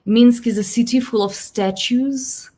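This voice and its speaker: A woman's voice: fairly high pitch, steady tone, unhurried, warm tone. A woman from Belarus, a native speaker of Belarusian, introducing her poems over a video call. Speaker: poet reading her work. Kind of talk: poetry reading.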